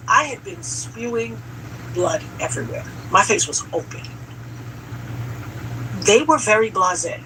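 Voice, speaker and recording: A woman's voice: mid-range voice, measured pace, pauses often, background noise. A woman telling a dramatic personal story in a casual chat, acting out what people said. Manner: dramatic, animated storyteller who acts out quotes.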